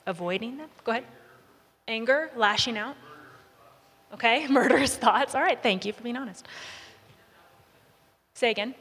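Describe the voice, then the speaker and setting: A woman leading a Bible study class, speaking in a relaxed, conversational way and inviting answers from the group. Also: fairly high pitch, normal speed, pauses often, breathy edge. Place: large room with a group. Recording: long reverb of a large hall.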